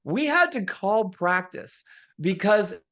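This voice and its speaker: A hoarse middle-aged woman, a guest and former wrestler, telling animated stories and acting out the people she quotes. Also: mid-range voice, slow pace. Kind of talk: casual storytelling.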